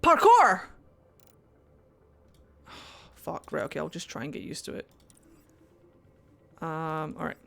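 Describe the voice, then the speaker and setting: A woman's voice: low voice, little pitch movement, normal speed, creaky, long pauses. A woman streaming a video game, chatting playfully to herself and her viewers, swearing freely and breaking into silly voices. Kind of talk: casual let's-play commentary.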